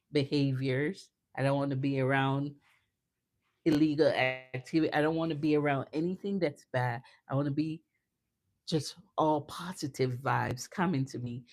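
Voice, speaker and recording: A woman hosting a casual chat, telling personal stories earnestly and laughing often as she goes. Her voice sits quite low and she speaks slowly. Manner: earnest, faith-filled. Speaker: host.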